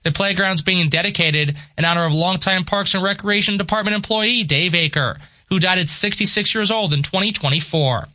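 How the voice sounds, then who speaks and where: A man reading the radio news in a steady, crisp scripted delivery. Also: sits high, a little fast, dry recording. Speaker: newsreader. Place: radio studio. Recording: dry close studio mic.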